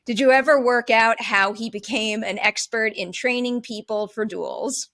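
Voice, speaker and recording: A woman interviewing filmmakers and actors, asking lively, engaged questions. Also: fairly high pitch, moderate pace, no room sound.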